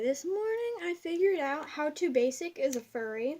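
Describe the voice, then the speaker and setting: A woman's voice: sits high, lively intonation, moderate pace, hardly any pauses, dark tone, slight background noise. A young woman at home giving a rambling, giggly craft tutorial that keeps drifting off topic. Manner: rambling, giggly, easily sidetracked. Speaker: craft video maker.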